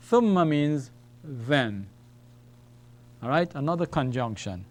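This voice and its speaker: A man's voice: medium pitch, lively intonation, takes it slowly. A man teaching an Arabic lesson, explaining letters and repeating words so students can follow, often checking in with "okay?". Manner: ends phrases with "all right?" and "okay?". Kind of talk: classroom lesson at a whiteboard.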